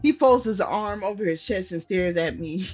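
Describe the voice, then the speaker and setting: A woman's voice: mid-range voice, moderate pace. A woman gaming streamer reading a story game aloud, breaking into profane, outraged reactions. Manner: animated, profane, bursts into loud outraged reactions. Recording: slightly muffled, soft game music behind.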